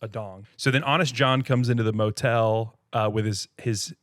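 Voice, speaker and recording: A man in a casual movie-review chat walks through a film's scenes with animated storytelling. His voice sits at a middle pitch and is recorded close on a dry mic, and he breaks into laughter often. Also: normal speed, no echo. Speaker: podcast co-host.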